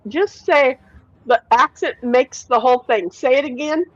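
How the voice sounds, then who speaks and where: A woman's voice: high-pitched, a little slow, no echo, lo-fi sound. A woman hosting a casual livestream, reading viewer comments aloud and chatting freely with occasional swearing. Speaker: livestream host.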